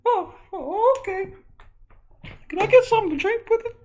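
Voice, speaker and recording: A man voicing a whiny, excitable young boxer in a squeaky high voice. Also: moderate pace, dull audio.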